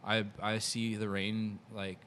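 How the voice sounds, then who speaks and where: A man talking as a podcast guest in a rambling, relaxed way, swearing now and then. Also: on the low side, slow, slight background noise. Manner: rambling, loose, swears casually. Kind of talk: casual chat.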